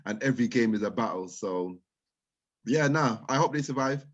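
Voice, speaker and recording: A man chatting casually about football, often repeating words as he thinks out loud. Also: medium pitch, expressive, normal speed, dull audio. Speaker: co-host of a football chat show.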